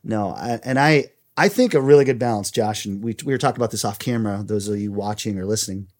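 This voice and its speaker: A man's voice: fairly low pitch, fast. A man co-hosting a Christian podcast, talking earnestly and reading quotes aloud. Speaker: podcast co-host. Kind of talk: faith podcast conversation.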